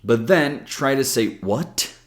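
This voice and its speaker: In a recorded video lesson, a man with an American accent coaches English pronunciation, explaining with patience. He talks slowly, at medium pitch, with lively intonation.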